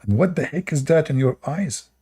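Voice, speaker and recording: A man with a warm, husky, slightly high voice reads religious stories aloud at a normal pace, animated and sarcastic. He mocks the texts as he goes, often laughing at them.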